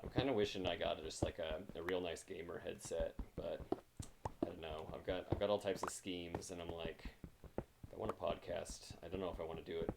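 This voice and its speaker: A deep-voiced man with a gravelly, creaky edge, chatting loosely with his livestream audience in a rambling, self-mocking way. He speaks into a close mic, and loud noise runs under the recording. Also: steady tone, brisk. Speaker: game streamer. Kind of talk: casual livestream chat while gaming. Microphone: new mic mounted close in front of him.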